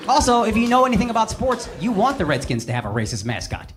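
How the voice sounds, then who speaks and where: Brash male stand-up comic in his thirties, high lively voice, on a handheld mic over roaring crowd laughter. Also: fast talker, few pauses, background noise. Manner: brash, profane, mocking delivery. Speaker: stand-up comedian. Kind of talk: stand-up comedy set. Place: comedy stage before a live audience. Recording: live show with loud crowd laughter.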